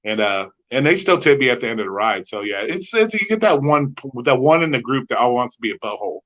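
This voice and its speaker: A man's voice: medium pitch, sing-song, fast talker, a bit bright, muffled recording. Blunt, profane man telling stories. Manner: profane storyteller who acts out both sides of quoted arguments. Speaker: podcast co-host. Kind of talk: casual chat.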